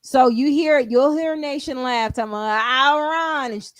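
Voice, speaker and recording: A woman's voice: high-pitched, moderate pace, hardly any pauses, no room sound. A woman hosting a stream, giving blunt, profane gossip commentary on a clip and mimicking the people in it. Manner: mimics the clip in quoted voices. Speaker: stream host. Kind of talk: casual reaction commentary.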